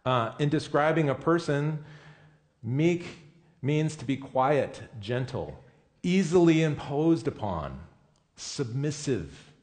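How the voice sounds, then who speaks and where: A man's voice: a little high, lively intonation, slow pace, a little mellow. A man preaching a sermon in a conversational, emphatic way, often correcting himself mid-sentence. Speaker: pastor.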